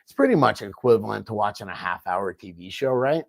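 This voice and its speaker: Gravelly, joking man. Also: fairly low pitch, brisk, no echo. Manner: joking, animated storyteller, slangy. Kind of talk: casual chat.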